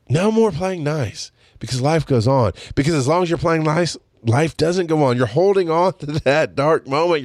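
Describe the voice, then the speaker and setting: A man's voice: on the high side, darkish tone, no echo, clean studio sound. A middle-aged man hosting a podcast, speaking bluntly in a casual, profane monologue. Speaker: podcast host.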